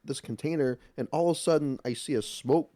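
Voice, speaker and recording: A man co-hosting a podcast, talking casually in halting, rambling bursts. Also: a little high, dark tone, no echo. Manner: rambling, halting, laughs often. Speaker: podcast co-host. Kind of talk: casual chat.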